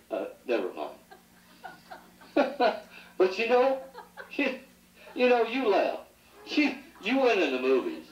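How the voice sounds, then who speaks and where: Captured on echoey 1980s home video from a distance, a middle-aged man toasts his parents' anniversary in a party room with rambling, teasing stories he laughs at himself. He speaks slowly with frequent pauses, in an extremely high voice whose pitch swoops wildly.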